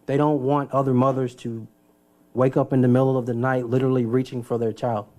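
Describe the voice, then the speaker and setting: A man, a city mayor, giving a solemn, measured speech at a press conference. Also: mid-range voice, flat delivery, a little mellow.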